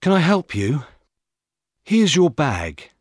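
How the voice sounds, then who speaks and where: A defensive young jogger, played by a male narrator answers back with a slightly lifted, husky voice. Swings of pitch keep him lively. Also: slow, no echo, studio quality, heavily acted.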